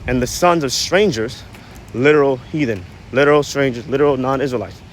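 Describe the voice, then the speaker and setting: A medium-pitched man talking a little fast gives profane, blunt street-corner commentary on scripture outside, reading verses and explaining them in slang while adding "man" and "right?" to his lines. The religious commentator is short of breath, and a little hiss or hum runs through the audio.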